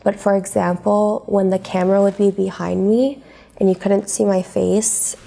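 Hesitant woman with a gravelly, dark voice. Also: mid-range voice, flat delivery, normal speed. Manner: soft, hesitant, personal account. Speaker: interview guest. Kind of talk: interview.

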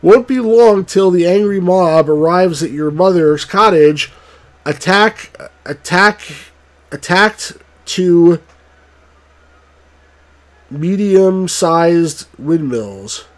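Slow, stumbling let's play reader, a man. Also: high-pitched. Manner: halting, stumbles and rereads words. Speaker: game reviewer. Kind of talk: reading game text aloud on a let's play.

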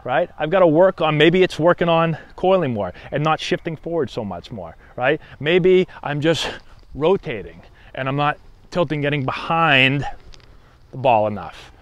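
A man's voice: fairly high pitch, animated, moderate pace, dry recording. Upbeat man coaching baseball hitting. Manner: conversational, frequent "right?" check-ins. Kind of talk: casual instructional talk to camera.

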